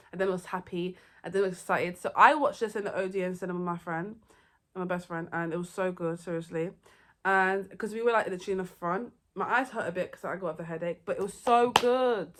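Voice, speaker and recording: Young woman, casual vlog chat, excitable, rambling. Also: mid-range voice. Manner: chatty and excitable, rambling with restarts. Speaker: vlogger. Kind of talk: casual movie review chat.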